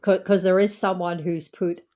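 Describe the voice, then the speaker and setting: Wry woman, lowish voice. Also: fairly even intonation, warm tone. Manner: dry, wry, quick to agree. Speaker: podcast host. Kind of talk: casual chat.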